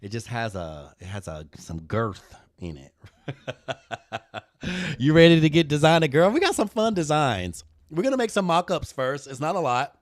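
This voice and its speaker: A man running a live tutorial stream, full of sassy, playful banter for his viewers. His pitch swoops all over as he jokes, and the sound is close and dry with no room around it. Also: normal speed, dry recording. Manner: lively, swoops high when joking. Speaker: host of a live design tutorial.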